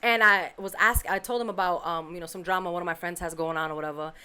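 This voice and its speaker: A woman hosts a podcast and tells a story from her week in loose, casual chat. Her voice is bright and forward, and she acts out what people said with plenty of life. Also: fairly low pitch, fast, clear, resonant tone. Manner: animated, acts out quotes, swears casually. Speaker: podcast host.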